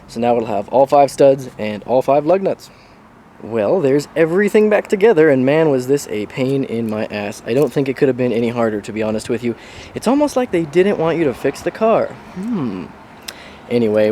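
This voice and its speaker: A man's voice: mid-range voice, mellow. A man vlogging his car repair in a casual, wry way, grumbling a little as he talks to a handheld camera by his car and then inside it as he drives. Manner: chatty and wry, with mild grumbling. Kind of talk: casual self-filmed car vlog. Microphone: handheld camera mic.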